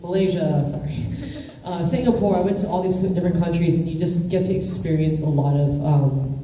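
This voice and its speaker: A woman's voice: on the low side, brisk, warm tone, a little hiss or hum. Giggly woman, far off in an echoey room. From California. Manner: chatty and giggly, many fillers. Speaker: interview guest. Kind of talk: casual interview answers.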